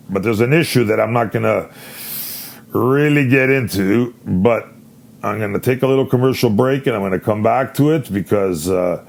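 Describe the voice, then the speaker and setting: A man hosting a podcast solo, telling a rambling, profane story in a casual, animated way. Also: fairly low pitch, gravelly. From Canada. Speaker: podcast host.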